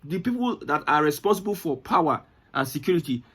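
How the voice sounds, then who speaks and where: A man's voice: a little high, lively intonation, brisk, fairly bright tone, breathy edge. A Nigerian man giving impassioned political commentary, indignant, firing rhetorical questions and repeating phrases. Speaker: news commentator.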